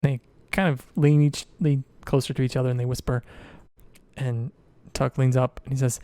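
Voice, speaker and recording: A man with a mellow, smooth voice narrates a tabletop game as game master, ambling through descriptions with fillers like "kind of" and "like." His voice is recorded dry and close. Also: medium pitch, flat delivery, normal speed, no echo. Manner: loose, filler-heavy narration.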